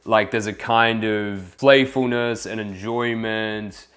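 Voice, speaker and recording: A man's voice: lowish voice, slow pace. Laid-back young man coaching in voice-over. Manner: relaxed, casual, lots of "like" and "kind of". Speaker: dating coach. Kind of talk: voice-over commentary on infield footage.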